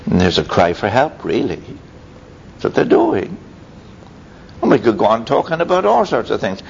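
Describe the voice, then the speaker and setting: A man preaching a sermon, telling stories in a lively way with sudden high exclamations. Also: moderate pace, creaky. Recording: dull lo-fi recording with faint rumble.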